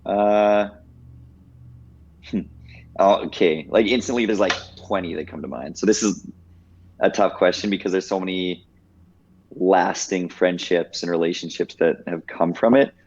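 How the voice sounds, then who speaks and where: A man in his thirties speaks with a very low, deep voice, telling stories in a relaxed, reflective way and leaning on "like" as he thinks. The audio is slightly muffled and dull, like a lo-fi podcast recording. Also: a little slow, pauses often. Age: 30s. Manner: reflective, heavy use of "like". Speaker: podcast guest. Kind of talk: casual storytelling.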